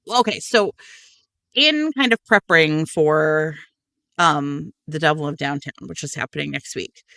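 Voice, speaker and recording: A woman co-hosting a podcast in casual chat, animated and swearing freely. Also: low-pitched, a little slow, creaky, no room sound, studio quality. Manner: animated, swearing, exaggerated quoting. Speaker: podcast co-host.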